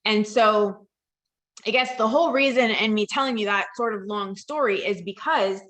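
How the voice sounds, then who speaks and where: A woman's voice: mid-range voice, moderate pace. Woman telling a caregiving story. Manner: lively storytelling that acts out quoted dialogue. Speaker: dementia care professional and presenter. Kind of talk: storytelling presentation. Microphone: video call.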